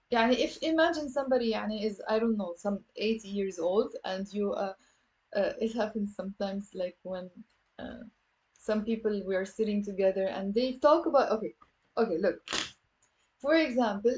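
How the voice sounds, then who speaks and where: A woman with a fairly high voice and a Lebanese accent teaches a live online language class. She's lively and encouraging, mixing English with Arabic.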